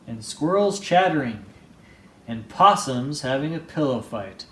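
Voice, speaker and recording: A man reading a children's picture book aloud, slow and playful, doing voices as he goes. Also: reverberant. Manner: slow, expressive, playful read-aloud with lively pitch. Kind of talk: storybook read-aloud with voices.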